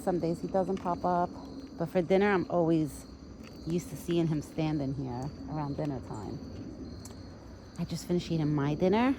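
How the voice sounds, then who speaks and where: A chatty woman in her thirties with a lowish voice, talking casually and cooing affectionate baby talk at an animal. She is recorded outdoors on a phone, and crickets and insects chirp clearly behind her. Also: noisy background. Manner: chatty, coos sweet baby talk at the deer. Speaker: vlogger feeding a wild deer. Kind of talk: casual chat. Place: outdoors in a yard at dusk.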